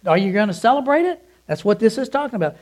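A man preaching a sermon as a pastor, earnest and pleading, swinging between emphatic bursts and soft, quiet asides. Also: high-pitched, big pitch swings, fast talker, rough recording.

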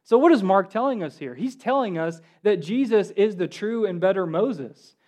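A man preaching a sermon, animated, asking his listeners questions and acting out the quotes he reads. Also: sits high, moderate pace. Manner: animated, asks the congregation questions, acts out quotes.

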